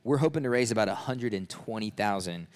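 A man's voice: fairly low pitch, animated, brisk. A man who leads a ministry, giving a sermon and a fundraising appeal in an earnest, casual way, with frequent restarts. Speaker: ministry leader.

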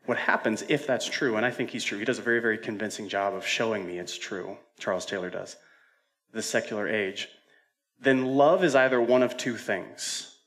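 A man's voice: lowish voice, moderate pace, fairly bright tone. A male senior pastor preaching a sermon in a conversational way, with frequent fillers and self-corrections.

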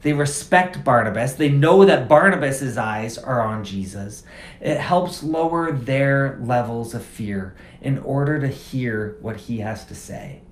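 A man's voice: mid-range voice, measured pace, slight background noise. A man preaching a sermon as pastor, conversational and casual, driving points home through repeated phrases. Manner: conversational, emphatic repetition. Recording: roomy echo.

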